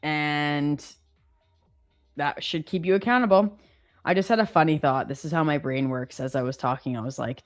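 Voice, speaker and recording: A woman's voice: low-pitched, normal speed, no echo, clean studio sound, faint music behind. A woman hosting a live trading stream, chatting casually, reading viewer comments and laughing often. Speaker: livestream host.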